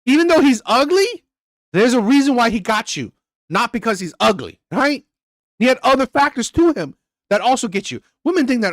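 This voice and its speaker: A man's voice: very high-pitched, sing-song, moderate pace, dry recording, studio quality. A man hosting a reaction channel, ranting bluntly and crudely about a played clip. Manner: blunt, crude, repetitive and heated.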